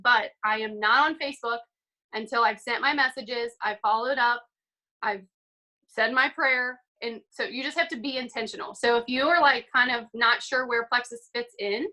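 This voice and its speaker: A woman's voice: fairly high pitch, bright, forceful tone, rough recording. A young woman giving an upbeat, chatty motivational talk on a video call, full of "like" and "um". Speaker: team call speaker.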